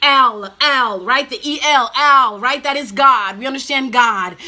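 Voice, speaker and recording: A woman preacher delivers a live-streamed teaching with a high, bright, ringing voice. She speaks fervently and with emotion, hammering key phrases over and over for emphasis. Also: expressive, a little slow, hardly any pauses. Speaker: preacher teaching an online Bible study.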